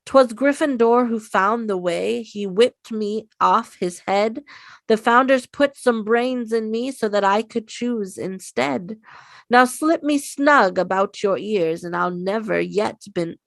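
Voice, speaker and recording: A woman voicing the ancient wise Sorting Hat, reciting a long rhyming poem calmly and slowly. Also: medium pitch, creaky, no room sound.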